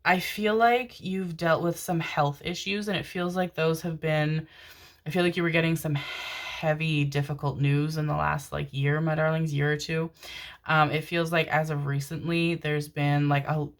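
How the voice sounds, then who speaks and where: A woman's voice: sits low, fairly even intonation, normal speed. A woman doing a pick-a-card tarot reading, gushing and affectionate, calling listeners her darlings and rambling with many fillers. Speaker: tarot reader.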